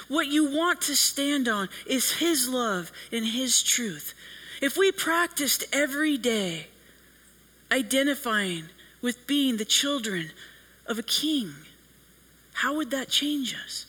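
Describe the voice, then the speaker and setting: A man preaching with a very high, bright voice. He speaks slowly and earnestly, leaving long pauses between phrases as he delivers his sermon. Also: animated, rough recording.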